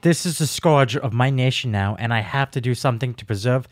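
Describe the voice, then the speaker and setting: A man reads as a formal, stiff male foreign leader answering a phone call with careful politeness. He uses no accent and speaks in a middle pitch. The sound is close and dry, in a comic podcast read-through. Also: a little fast, no room sound, natural voice.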